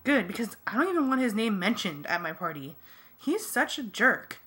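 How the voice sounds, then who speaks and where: A woman's voice: medium pitch, big pitch swings, moderate pace, a bit bright. A woman voicing a scornful, gossipy teenage girl in a fan-read audiobook. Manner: huffy, dismissive.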